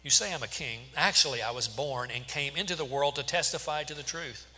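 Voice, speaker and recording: Here is a calm, measured Jesus, voiced by a man reading aloud. The voice is bright and unhurried. A long hall reverb surrounds every phrase. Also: mid-range voice. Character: Jesus, adult man, calm and steady teacher.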